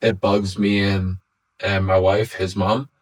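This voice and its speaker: Low-voiced, curious man on a podcast. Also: little pitch movement, takes it slowly, low-quality recording. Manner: curious, asks probing questions. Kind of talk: casual chat.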